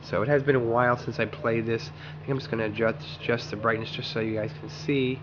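A man's voice: mid-range voice, flat delivery, fast, lo-fi sound, background noise. A man hosting a gaming channel, chatting casually and rambling to himself while he plays. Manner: rambling, self-talking while playing. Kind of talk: casual gameplay commentary.

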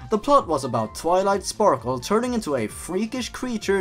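A sarcastic man reading aloud and cutting in with deadpan jabs. His voice sits a touch high and swoops around a lot, over faint background music. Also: moderate pace, hardly any pauses. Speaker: YouTuber narrator. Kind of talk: comedic reading with commentary.

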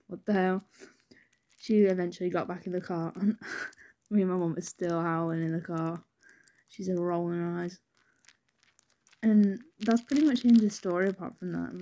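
A young British woman tells a personal story in a warm, lowish voice. Her casual storytime narration is rambling and chatty, full of free swearing and repeated "anyways."

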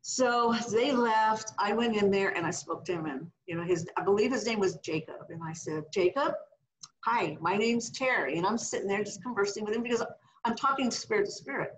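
A middle-aged woman minister, a podcast guest, telling a healing testimony in an animated way and acting out the voices she quotes. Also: medium pitch, a little fast, low-quality recording. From California.

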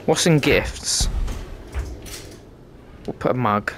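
A man's voice: mid-range voice, slow pace, a bit bright, slight background noise. A British man giving cheeky, sweary commentary while playing a VR game. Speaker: gamer content creator. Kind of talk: casual gameplay commentary.

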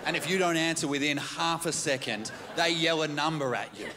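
A man, performing a stand-up comedy set with animated storytelling and quick jumps into quoted voices. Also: fairly high pitch, vocal fry, crowd noise. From Australia. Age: 30s. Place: large comedy theatre stage. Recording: live hall with audience noise.

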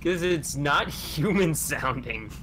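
A man's voice: a little high, expressive, takes it slowly, background noise. A man co-hosting a stream in casual chat, laid-back with dry remarks.

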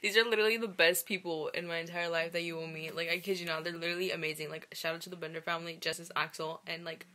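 A woman's voice: fairly low pitch, steady tone, fast talker, few pauses, pushed and bright. A teenage girl vlogging casually, giggly and gossipy, filling her talk with "literally" and "like.". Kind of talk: casual vlog chat. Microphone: phone camera. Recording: noisy phone video.

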